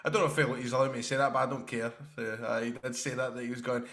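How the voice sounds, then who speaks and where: A man's voice: mid-range voice, little pitch movement, fast talker, fairly bright tone, a little hiss or hum. Chatty Scottish man telling stories. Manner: chatty storyteller, laughs often. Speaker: podcast co-host. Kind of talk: casual football chat.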